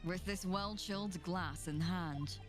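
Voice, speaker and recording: A woman reading the lines of a theatrical, eccentric male detective in measured, deliberate tones, voicing game dialogue aloud. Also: on the low side, music in the background. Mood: haughty probing.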